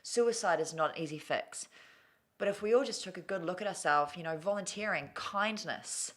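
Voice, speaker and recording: Candid low-voiced woman. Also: normal speed, a bit bright. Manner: candid, emotional, swears casually. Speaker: guest. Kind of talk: candid storytelling interview.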